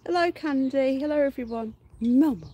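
Her voice sits high and warm at a moderate pace, with a little hiss or hum in the background. Outdoors in her garden, she livestreams casually, talking with viewers and using baby talk with her dog amid frequent laughter.

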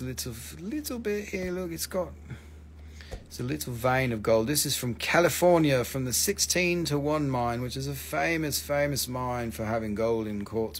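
A man's voice: medium pitch, slight background noise. A man hosting a casual live stream that sells minerals, talking loosely and joking around, swearing now and then and spelling out stone names, on a phone mic.

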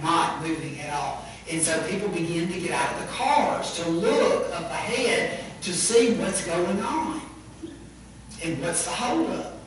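A high-voiced man preaching an earnest sermon. He is heard from a distance in a very echoey church sanctuary, with faint noise underneath. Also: fairly bright tone. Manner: retells a story with much quoting, earnest. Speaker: pastor.

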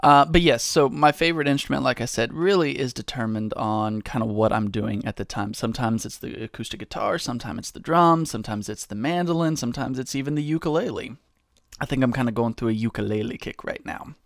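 A man's voice: medium pitch, dry recording, studio quality. A man answering viewer questions in a casual, rambling, self-mocking way. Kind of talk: casual Q&A monologue.

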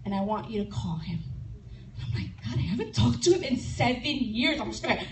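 A woman with a high voice shares a testimony in front of a retreat audience, acting out dialogue and moving between laughter and tears. She is heard from a distance in an echoey hall, with clear background noise. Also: brisk. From Chicago. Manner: animated storytelling, laughing and tearful, acting out dialogue. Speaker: speaker at a women's retreat. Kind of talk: testimony sermon. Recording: echoey room from far off with noise.

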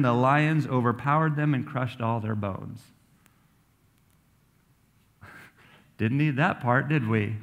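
A man pastor delivering a sermon in a church. His voice is mid-pitched, and he moves between reading scripture aloud and chatting with casual, plainspoken asides. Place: church sanctuary.

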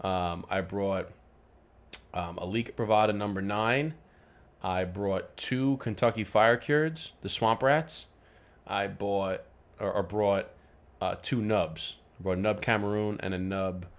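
A man co-hosting a casual podcast, telling stories and jumping into loud voices when he quotes people. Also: fairly low pitch, a little slow. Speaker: podcast co-host. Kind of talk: casual chat.

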